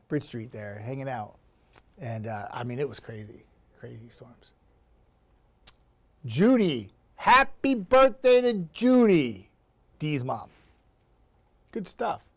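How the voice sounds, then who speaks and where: A man's voice: medium pitch, big pitch swings, moderate pace, dark tone. A male TV meteorologist chatting casually on a livestream, upbeat and talkative, laughing often and greeting viewers by name. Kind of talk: casual livestream chat reading viewer comments.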